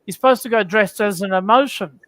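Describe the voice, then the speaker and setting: Man, very high and sharp voice, stumbling joke-teller, dry close mic. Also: fairly quick, dry recording, low-quality recording. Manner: stumbling, restarts his joke. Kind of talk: casual chat, joke telling.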